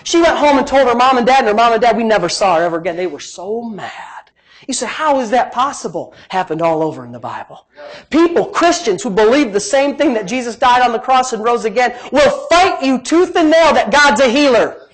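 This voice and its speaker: A middle-aged man preaching a sermon as pastor, animated, moving between quiet asides and emphatic rising lines. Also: extremely high pitch, fairly quick, low-quality recording.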